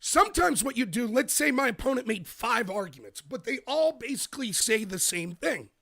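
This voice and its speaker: A man hosting a live-streamed political commentary show, talking emphatically with bursts of rapid speech and a slightly rough voice. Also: very high voice, big pitch swings, bright, forceful tone, no echo, studio quality.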